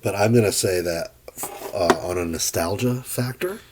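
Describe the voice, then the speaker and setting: A man's voice: low voice, moderate pace, noisy background. A man in his thirties co-hosting a podcast, giving emphatic, opinionated takes on films in casual chat, swearing now and then. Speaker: podcast co-host. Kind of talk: casual film discussion.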